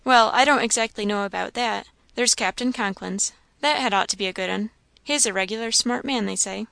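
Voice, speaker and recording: A woman voicing a gruff, plain-spoken country farmhand man with rustic, drawling speech. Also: mid-range voice, fairly quick, a bit bright, no echo. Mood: easygoing.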